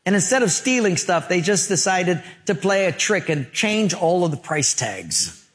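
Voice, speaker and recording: Man, pastor, sermon, fairly high voice, emphatic, storytelling, conversational. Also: sing-song, moderate pace, fairly bright tone.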